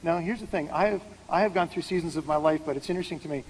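In a big hall full of listeners, a pastor walks through scripture conversationally and throws questions at the crowd. His voice sits on the high side, husky and racing. The recording carries hall reverb and a faint hum of background noise.

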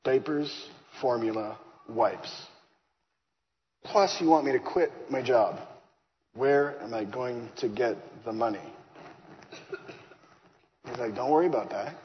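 A man of middle pitch tells a personal testimony with lively storytelling. The sound is a bit muffled, with faint hiss beneath it. A long hall reverb trails his voice. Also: slow, long pauses. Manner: animated, acts out dialogue. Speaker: speaker giving a faith testimony.

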